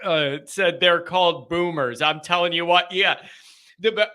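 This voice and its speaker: A man from the United States hosting a live call-in show, talking loudly in a joking, rambling way while nursing a sore bitten lip. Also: high voice, normal speed, smooth. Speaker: show host. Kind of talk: casual live call-in rant.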